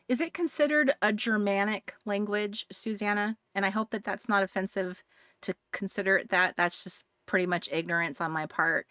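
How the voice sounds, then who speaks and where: A woman's voice: mid-range voice, a bit bright, dry recording, studio quality. Chatty Boston-accented woman streaming. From New England, United States. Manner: chatty, laughs often, many restarts and asides to chat viewers. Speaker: craft livestream host. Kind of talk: casual livestream chat while crafting.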